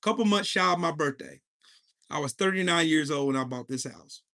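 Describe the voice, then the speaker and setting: A man in his forties hosts a live podcast and tells a heated story full of profanity, breaking off to greet his chat. His voice sits a bit higher than most men's. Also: brisk, vocal fry, sharp tone. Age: 40s. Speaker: podcast host.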